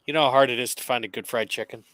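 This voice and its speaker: A man's voice: mid-range voice, fairly even intonation, very fast, fairly bright tone, dry recording, low-quality recording. A man on a casual movie commentary, speaking emphatically and in earnest.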